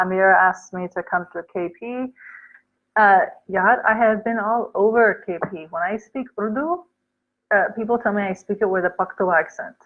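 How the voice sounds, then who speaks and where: A woman's voice: mid-range voice, narrow, tinny audio. An American woman casually chatting on a livestream, reading viewer comments aloud and sprinkling in Urdu words. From United States.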